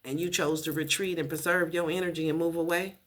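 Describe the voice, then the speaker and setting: A woman's voice: low-pitched, steady tone, brisk, noisy background. A woman giving a casual tarot reading, blunt and profane, repeating her points for emphasis. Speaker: tarot reader.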